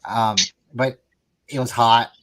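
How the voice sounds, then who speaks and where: A man's voice: medium pitch, takes it slowly. A man hosting a casual live stream, chatting easily and then running through the upcoming schedule. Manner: relaxed, wraps up with schedule announcements.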